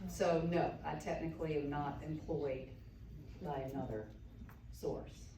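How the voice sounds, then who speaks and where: A woman moderating a casual panel discussion, chatty and quick to laugh as she tells stories. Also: low-pitched, fairly even intonation, heavy background noise. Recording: echoey hall from far off.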